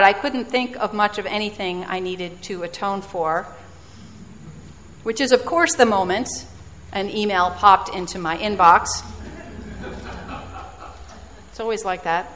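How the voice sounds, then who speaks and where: A woman's voice: medium pitch, fairly even intonation, measured pace, long pauses, a bit bright, a little hiss or hum. A woman preaching a sermon, telling a personal story in a reflective, self-deprecating way. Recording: reverberant hall.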